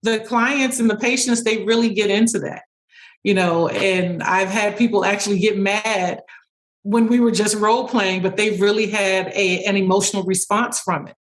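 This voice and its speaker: A woman speech-language pathologist answering interview questions, telling stories quickly with fillers and restarts and acting out bits of dialogue. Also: mid-range voice, fairly even intonation. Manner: storytelling, acts out dialogue.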